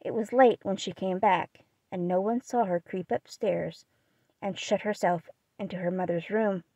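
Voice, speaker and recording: A woman narrating a classic novel as an audiobook, with a steady, expressive reading. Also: medium pitch, moderate pace, no room sound. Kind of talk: scripted narration.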